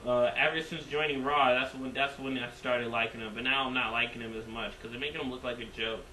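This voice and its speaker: Excitable rambling man in an echoey room. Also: medium pitch, a little fast, a little hiss or hum. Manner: excitable, repeats himself, rambling. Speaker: wrestling show reviewer. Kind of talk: casual recap and opinion.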